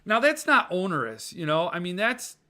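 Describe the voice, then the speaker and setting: A man's voice: sits high, sing-song, normal speed, pushed and bright. A man hosting a casual podcast, rambling and joking as he reads viewer comments and rants. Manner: rambling, jokey, goofs around with mock voices. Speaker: podcast host. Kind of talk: ranting casual chat reading viewer comments.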